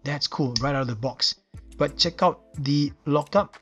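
A man from Singapore reviews a knife as he unboxes it, speaking Singaporean-accented English with enthusiastic exclamations of admiration. His voice is a little high and a bit bright, at a moderate pace, with soft background music.

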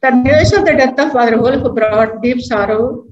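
A religious sister reading a congregation's history aloud, in a measured, careful way with occasional restarts. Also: female voice, on the high side, a little mellow, soft background music. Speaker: religious sister giving a reflection. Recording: echoey, dull recording with faint noise.

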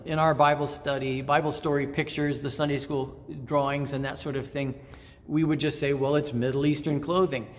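Middle-aged male pastor, fairly high voice; measured, reflective sermon delivery with restarts, long church reverb.

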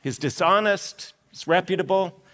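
A man preaching a sermon as lead pastor in an animated, conversational storytelling way. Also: sits high, normal speed. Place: church sanctuary. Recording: long reverb of a church hall.

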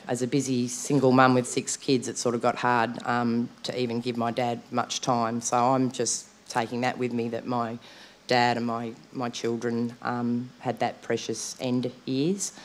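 A woman giving a eulogy for her father, speaking hesitantly with many fillers. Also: very deep voice. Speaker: daughter speaking at a funeral.

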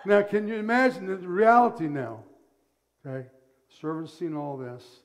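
A male pastor preaching a sermon, telling the story in an animated way and acting out the scenes. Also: high-pitched, moderate pace.

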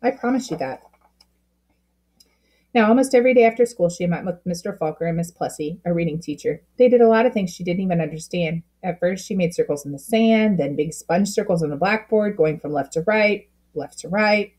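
A woman reading a children's book aloud with expressive storytelling, slowing down at key moments. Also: on the low side. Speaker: storybook reader.

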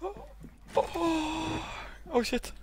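A man's voice: very high-pitched, lively intonation, very slow. A man streaming a horror game, panicking, swearing and repeating himself as he calls out moves to his team. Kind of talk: live gameplay commentary.

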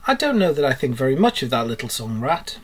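A man's voice: medium pitch, very animated, fast talker, breathy edge. A male teacher reading a storybook aloud, voicing a timid, polite young male mole in a careful, soothing manner. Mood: gentle.

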